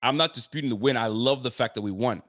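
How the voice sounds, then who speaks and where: This post-game reaction comes fast from a male sports fan commentator whose medium-pitched voice has a little brightness. He is fed up and blunt, repeating himself with casual slang.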